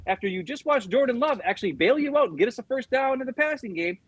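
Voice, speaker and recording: Husky middle-aged man, ranting animatedly. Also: extremely high pitch, expressive, fast, dry recording, poor audio. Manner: heated, profane ranting. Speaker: sports podcast co-host. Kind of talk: casual sports chat.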